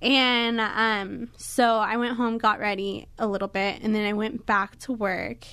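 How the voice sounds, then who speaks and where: A woman's voice: medium pitch, flat delivery, a little slow, a bit bright, clear, resonant tone, no echo. A young woman, a podcast guest, telling her story casually in a studio with lots of fillers. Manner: chatty, many fillers.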